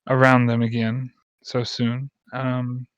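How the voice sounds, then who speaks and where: A man's voice: medium pitch, completely flat delivery, slow, no echo, close to an everyday voice. A man voicing a hesitant young noblewoman. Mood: uncertain. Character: wary young noblewoman, careful and soft-spoken. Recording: muffled lo-fi mic.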